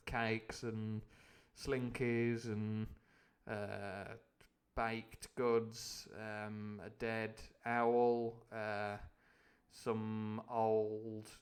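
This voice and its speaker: A streamer reads a novel aloud live, rambling and joking with plenty of tangents, fillers and comic asides. His voice is fairly low with little pitch movement, and he speaks extremely slowly.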